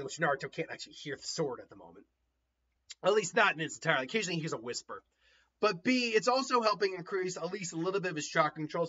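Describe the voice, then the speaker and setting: A man casually retelling a story in an animated way, often laughing and acting out voices, on a dull lo-fi recording. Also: fairly high pitch, husky.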